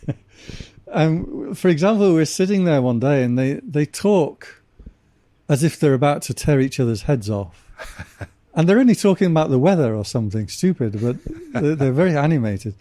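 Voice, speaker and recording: A man from England, a monk guest on a podcast, telling anecdotes in a casual, wry way with animated asides. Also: on the high side, normal speed, no room sound. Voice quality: dry humor, animated anecdotes with laughs. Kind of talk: casual storytelling conversation.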